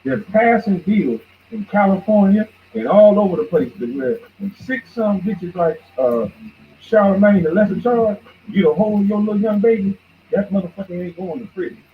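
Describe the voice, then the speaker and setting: A man rants on his podcast in a fairly high voice, heated and mocking, lurching between loud jabs and low grumbles. The recording is dull and lo-fi, with a faint hiss underneath. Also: normal speed. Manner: heated, mocking, swings between shouts and mutters. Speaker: podcast host. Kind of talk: profane ranting commentary.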